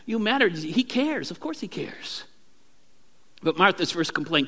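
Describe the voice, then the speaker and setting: A male pastor preaching a sermon, acting out prayers in a raised, animated voice. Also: high voice, measured pace, in a large hall.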